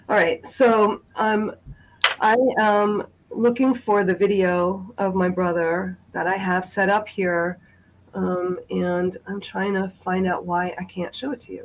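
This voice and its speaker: A woman speaking as a guest on a video call, sharing a personal account in a halting way with many pauses and restarts. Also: mid-range voice, little pitch movement, slight background noise, low-quality recording. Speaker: guest sharing a family memory.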